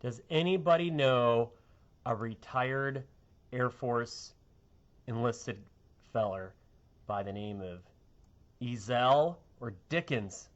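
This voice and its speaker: A man's voice: mid-range voice, slow pace, pauses often, lo-fi sound. Chatty middle-aged TV weatherman. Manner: chatty, rambling, sentimental. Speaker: TV meteorologist. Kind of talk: casual on-air chat.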